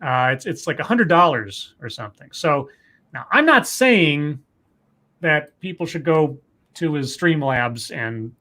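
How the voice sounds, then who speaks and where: A man's voice: on the high side, lively intonation, unhurried, pushed and bright. A man hosting a casual podcast, joking wryly and reading out social media posts. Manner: wry, joking, reads out tweets. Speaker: podcast host. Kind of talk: casual chat.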